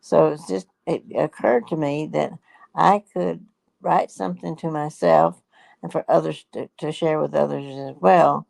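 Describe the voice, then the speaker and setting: Gravelly woman in her nineties. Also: sits low, steady tone, darkish tone, no room sound, rough recording. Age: 90s. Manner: halting, rambling storyteller. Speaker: guest. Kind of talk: casual chat.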